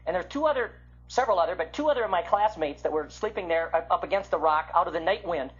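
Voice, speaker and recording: Husky older man lecturing. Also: high voice, fast talker. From American Midwest. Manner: animated, swings from loud to hushed. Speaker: Bible teacher. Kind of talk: illustrated lecture. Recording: muffled lo-fi recording.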